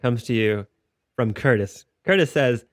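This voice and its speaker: Jokey male co-host reading listener mail, mid pitch, dry close mic. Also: animated, a little slow, dry recording. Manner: playful, jokey, reads listener questions. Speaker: podcast co-host. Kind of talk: casual chat.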